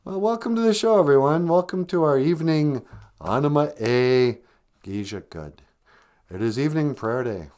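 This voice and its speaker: A man's voice: on the high side, animated, normal speed, darkish tone. A man hosting a casual live stream from home, joking and teaching words of a language, with faint guitar music behind. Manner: joking, self-mocking banter. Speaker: podcast host teaching Ojibwe words.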